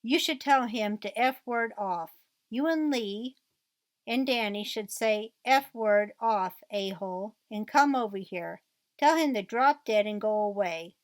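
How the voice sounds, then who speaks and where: Close to an everyday speaking voice, medium in pitch and unhurried, she reads a bitter divorced mom's rant off a transcript. Acting is minimal, and there's no echo.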